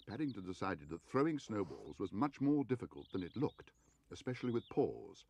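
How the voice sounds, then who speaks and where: Animated man reading a storybook aloud. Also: on the low side, moderate pace.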